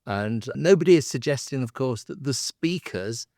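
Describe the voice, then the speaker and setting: A man's voice: medium pitch, expressive, normal speed, mellow, dry recording, studio quality. A man hosting a podcast, thoughtfully building his points and often repeating words as he goes. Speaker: podcast host. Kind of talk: explanatory podcast conversation.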